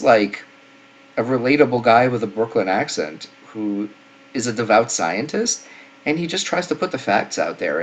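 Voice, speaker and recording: Snarky male medic commentator, low voice, casual and opinionated, lots of fillers. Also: slight background noise. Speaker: paramedic and nurse commentator.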